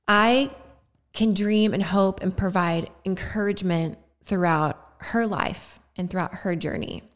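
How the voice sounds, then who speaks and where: A young woman hosting a podcast, talking heartfelt and personal about her hopes, at times fighting back tears and laughing through them. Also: on the low side. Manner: heartfelt, tearful at moments, laughing through emotion. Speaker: podcast host. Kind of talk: personal reflective monologue.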